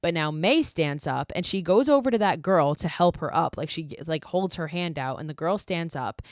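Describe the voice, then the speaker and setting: This podcast host, whose voice sits low for a woman, chats through a horror movie recap with plenty of "like" and swearing. Her intonation is lively and her speed normal. Close-miked in a dry, dead space, the recording has no echo.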